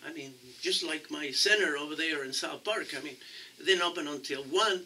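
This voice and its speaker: A man with a non-native English accent answering interview questions as a political candidate, halting and restarting often. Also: a little high, sharp tone, far from the mic, a little hiss or hum, rough recording. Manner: halting, many restarts and fillers. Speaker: council candidate.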